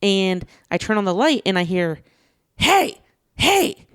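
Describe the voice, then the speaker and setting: A man from Ohio with a high voice, co-hosting a podcast and telling casual stories with a gossipy, laughing, self-described petty manner. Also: normal speed, clear, resonant tone, no room sound, clean studio sound. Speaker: podcast co-host, food blogger. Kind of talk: casual chat, storytelling.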